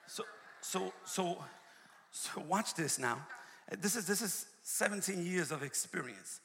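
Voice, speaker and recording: In a church sanctuary with long hall reverb, a man preaches a sermon in a high-pitched, expressive, creaky voice with a fairly bright tone. He keeps a measured pace while emphatically calling out to the congregation, repeating phrases call-and-response style.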